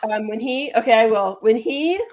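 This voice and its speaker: A woman's voice: fairly high pitch, moderate pace, darkish tone. A woman hosting a casual football chat show, chatty and laughing as she reads out viewer messages. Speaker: podcast host.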